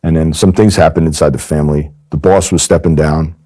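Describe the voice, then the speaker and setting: A man's voice: rumbling low, fairly even intonation, fairly quick, warm tone. A man recounting his time as an undercover agent in a candid interview, emphatic and repeating phrases for stress. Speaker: former undercover agent telling his story.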